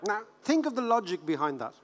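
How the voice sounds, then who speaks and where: An Irish man in his fifties giving a humorous conference keynote, animated and joking, repeating words for rhythm. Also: high voice, brisk. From Ireland. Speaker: keynote speaker. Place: large conference hall. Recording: reverberant conference hall.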